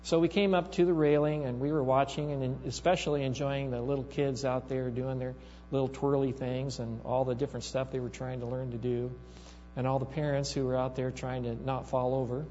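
Male preacher, mid pitch, storytelling with emphatic rises; reverberant hall, dull sound, faint mains hum. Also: level tone, a little fast, mellow. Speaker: pastor. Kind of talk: sermon.

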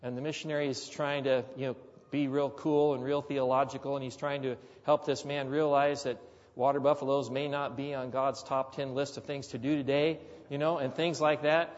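A man preaching a sermon, telling a story with animated, loud acted quotes and soft asides. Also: medium pitch, moderate pace, long reverb tail, highs cut off. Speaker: pastor.

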